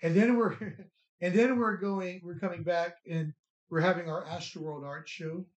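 In a casual interview, a toy shop owner chats in a laid-back way, laughing and rambling with restarts. His high-sitting voice is fairly even and a little slow. The echoey store gives a roomy, dull lo-fi sound with a little hiss or hum.

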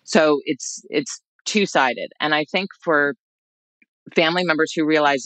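An expert guest who cares for older adults, answering interview questions in a measured, reassuring way. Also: medium pitch, a bit bright, no room sound, poor audio. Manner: measured, reassuring, advice-giving.

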